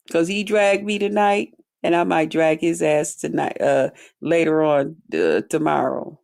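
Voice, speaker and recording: Her voice sits low, creaky and a little mellow, and she keeps a measured pace. As a livestream host, she bluntly rants to chat with heavy profanity and drawled, mocking quotes.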